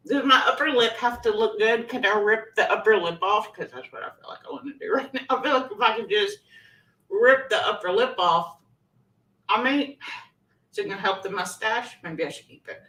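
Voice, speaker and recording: A woman's voice: medium pitch, normal speed, bright, forceful tone, echoey room, far from the mic, rough recording. A woman hosts a casual live chat, self-mocking and often laughing. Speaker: host of a live chat show.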